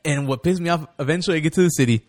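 A man with a fairly high voice telling a laid-back story. He slips into voices for the people in it and swears casually. Faint music plays behind him. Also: racing, a little mellow. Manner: laid-back storyteller, acts out characters' lines. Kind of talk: casual chat.

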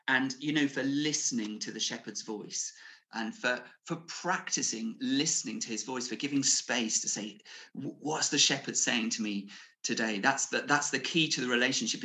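Earnest gravelly male preacher. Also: medium pitch, sharp tone. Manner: earnest, rising to emphatic declarations; conversational with frequent fillers and restarts. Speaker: pastor. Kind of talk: sermon. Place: home, preaching over video call.

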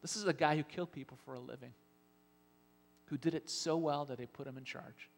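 A man preaching a sermon as pastor, telling Bible scenes with lively acted-out lines. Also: fairly high pitch, fairly quick, gravelly. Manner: animated storytelling, acting out Bible scenes. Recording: long hall reverb.

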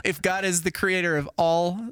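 A man's voice: sits high, flat delivery, moderate pace, fairly bright tone, clean tone, dry recording, studio quality. A man co-hosting a podcast, rambling playfully through nerdy theories in casual chat. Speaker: podcast co-host.

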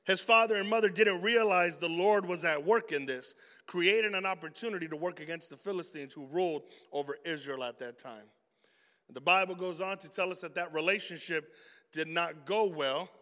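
Young male youth pastor, high bright voice, loose slangy storytelling, long hall reverb. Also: moderate pace. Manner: animated, slangy, swings from loud stories to hushed points. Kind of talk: energetic youth sermon with storytelling.

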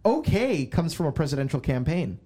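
Fairly high-voiced guy hosting a podcast, jokey, trips over words reading stuff out. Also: sing-song, moderate pace, mellow. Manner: joking, reads aloud with stumbles and laughs. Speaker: podcast host. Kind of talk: casual chat.

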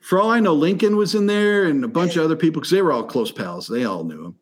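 A man from Michigan telling a story in a casual chat, animated and profane, acting out the people he quotes. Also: on the high side, quick pace. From Michigan, near Detroit.

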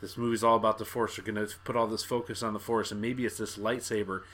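A man co-hosting a podcast in a casual movie discussion, animated and acting out his own reactions. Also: fairly low pitch, fast. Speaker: podcast co-host.

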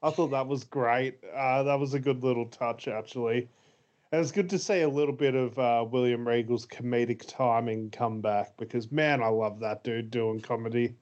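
A man's voice: medium pitch, fairly even intonation, normal speed, darkish tone. A man co-hosting a casual podcast chat, rambling with lots of fillers and easy laughs. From Australia. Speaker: podcast co-host. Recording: slightly dull lo-fi audio.

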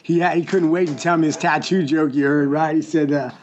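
A man's voice: on the high side, fairly even intonation, brisk, darkish tone, lo-fi sound, slight background noise. A young man, a tattoo artist, telling stories in a casual, laid-back way and swearing freely. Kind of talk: casual chat.

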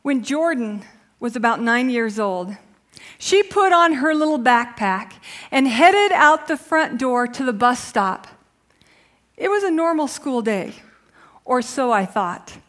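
A middle-aged woman with a high voice, preaching a sermon. She prays softly, almost in a whisper, then moves into lively storytelling. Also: slow. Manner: hushed, prayerful when praying, lively storytelling after.

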